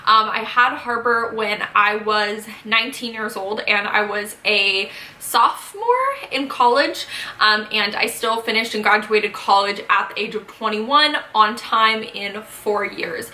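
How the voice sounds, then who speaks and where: A woman's voice: on the high side, unhurried, sharp tone, reverberant. A woman of twenty-two hosting a casual sit-down vlog, chatty and full of "um" and "like", a little out of breath while pregnant. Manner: chatty, filler-heavy, frequent "um" and "like". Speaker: vlogger host.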